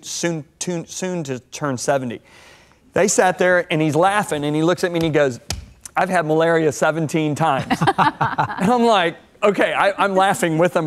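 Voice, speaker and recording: 60s guy on a tv talk show, preachy storytelling, kinda high voice that jumps around a lot. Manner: lively, swings pitch up and down while telling stories. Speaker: guest speaker on a TV talk show. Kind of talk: animated storytelling sermon-talk.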